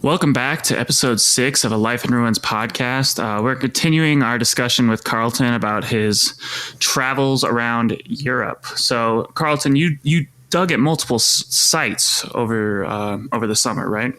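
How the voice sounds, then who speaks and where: A man co-hosting a podcast in a relaxed, casual way, steering the talk and introducing segments. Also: medium pitch, moderate pace. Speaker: podcast co-host.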